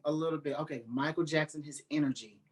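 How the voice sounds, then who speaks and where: Man, gospel singer, radio interview guest; animated storyteller. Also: quick pace, a crowd in the background. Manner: animated storyteller, acts out quotes in a high voice. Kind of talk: casual interview talk.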